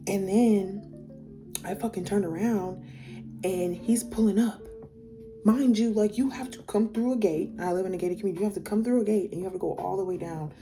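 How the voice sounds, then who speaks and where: A woman's voice: on the low side, warm tone. A young woman telling a personal story in a casual storytime, rambling with lots of fillers and swearing, her voice climbing when she gets worked up.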